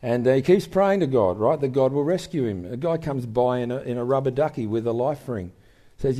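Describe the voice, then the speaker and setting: An older man speaking as a guest in an on-stage interview, telling stories in an animated way. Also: medium pitch, a little fast, few pauses. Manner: animated storyteller, acts out voices in anecdotes.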